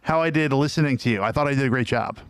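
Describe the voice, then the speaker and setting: A man's voice: medium pitch, very fast, clean tone, dry recording, clean studio sound. A man who is a comedian hosts a podcast, trading teasing banter in casual chat.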